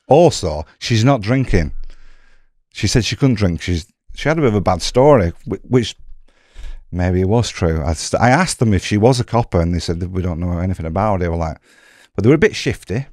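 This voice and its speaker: A man's voice: low-pitched, no echo, studio quality. A middle-aged man with an English accent, a podcast guest casually telling his story and acting out the dialogue in voices. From England. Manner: animated, acts out dialogue in quoted voices.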